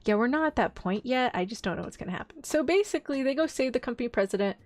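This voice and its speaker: A woman streamer in casual chat, rambling excitedly through an anime plot and acting out the characters' lines. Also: high voice, fast talker, no room sound. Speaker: vtuber streamer.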